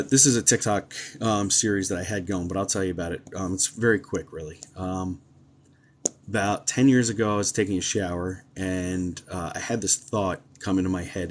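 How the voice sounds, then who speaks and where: A man hosting a live stream as a psychic medium, chatting casually and telling stories with plenty of ums and uhs. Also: low-pitched.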